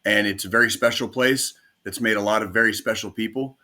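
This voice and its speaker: A man who served in the Army talks loosely on a podcast, doubling back and repeating words. His voice is bright and forceful. He drops in dry jokes as he goes. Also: lowish voice, fairly even intonation, a little fast. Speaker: podcast co-host, Army veteran. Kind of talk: casual chat.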